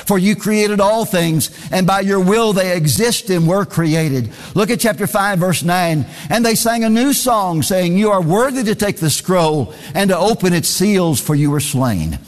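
A man's voice: high voice, animated, a little slow, hardly any pauses. Man preaching in a reverberant hall. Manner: reads scripture aloud, sometimes in a singsong cadence; repeats phrases for emphasis. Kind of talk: sermon.

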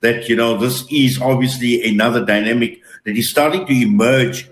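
Man, talk host, measured and reflective, roomy echo. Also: medium pitch, steady tone. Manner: measured, reflective with frequent filler pauses. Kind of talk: broadcast panel discussion.

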